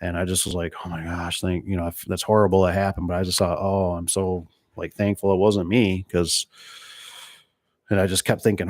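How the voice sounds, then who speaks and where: A man's voice: deep voice, flat delivery, brisk, no echo, clean studio sound. A middle-aged man from Michigan who runs a door and gate business, chatting casually while reading viewer comments and rambling through stories. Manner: rambling, storytelling, mimics voices in quotes. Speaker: door and gate installer hosting a live stream.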